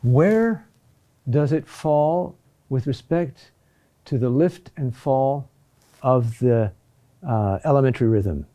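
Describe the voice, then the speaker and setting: A man teaching a recorded lesson on chant rhythm, talking deliberately with pauses and "huh?" checks. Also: mid-range voice, dark tone.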